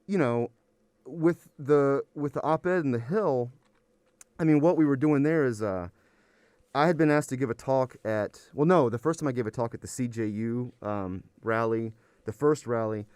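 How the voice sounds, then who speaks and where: A man's voice: medium pitch, a little mellow, clear, resonant tone, dry recording. A man, an anthropology professor, talking in a casual podcast interview, rambling and worn out, often restarting his sentences. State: weary.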